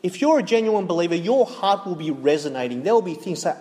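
A man with a high-pitched voice preaches a sermon, earnest and emphatic, driving his points home through repetition. His voice rings out with a long reverb, as if in a large church hall. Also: animated, fairly quick, few pauses, a little mellow.

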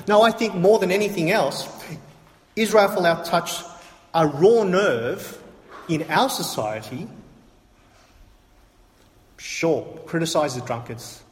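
A man preaching a sermon to a congregation, emphatic and repetitive, asking rhetorical questions. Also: on the high side. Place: church hall. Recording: echoey hall from a distance.

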